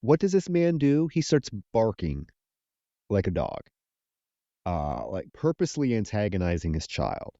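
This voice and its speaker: A man's voice: on the low side, unhurried, creaky, no echo, muffled recording. A man co-hosting a horror film podcast, retelling the plot casually with lots of swearing. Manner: profane, animated plot retelling with acted quotes. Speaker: podcast co-host. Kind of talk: casual film recap chat.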